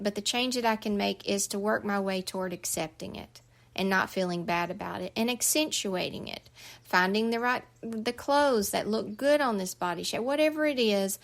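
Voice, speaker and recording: Gravelly-voiced woman coaching firmly. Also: mid-range voice. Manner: direct, firm and chatty, with frequent "okay?" checks. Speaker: journal author and life coach. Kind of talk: casual step-by-step instruction.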